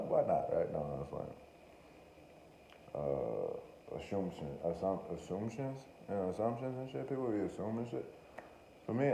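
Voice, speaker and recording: Low-voiced man rambling profanely. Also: dark tone. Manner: profane, joking, self-interrupting. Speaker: podcast host. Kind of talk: rambling comedic monologue. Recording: roomy echo with faint room noise.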